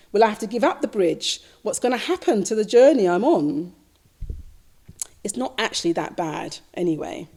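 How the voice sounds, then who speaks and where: A dharma talk from a female Buddhist teacher, mid-range in voice, slowly recounts a dream. The telling is reflective and repetitive, with soft fillers throughout.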